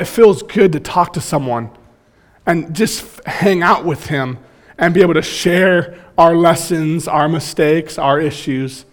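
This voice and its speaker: A man in his thirties preaching a sermon, telling stories in an animated, joking way. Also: a little high. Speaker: pastor.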